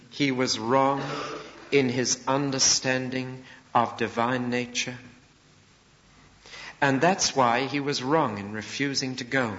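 A man's voice: a little high, a bit bright. A man preaching an expository sermon, telling the story vividly with shifting emphasis. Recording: echoey hall, dull lo-fi sound.

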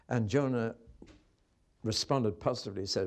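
A man preaching a sermon, telling a story with animated delivery and acting out the quoted speech. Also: medium pitch, moderate pace.

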